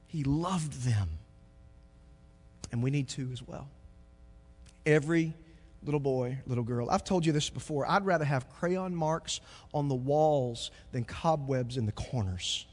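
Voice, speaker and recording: A pastor preaching a sermon, moving from quiet reflection to loud, joking stretches. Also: male voice, mid-range voice, a little slow, in a large hall.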